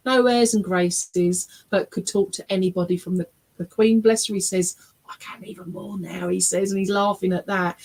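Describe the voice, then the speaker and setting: A woman's voice: medium pitch, poor audio. A woman working as a spiritualist medium, giving a reading in an online church service, chatty and often checking in with listeners. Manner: chatty and warm, often checking in with "all right?" and "okay?"; laughs often while talking.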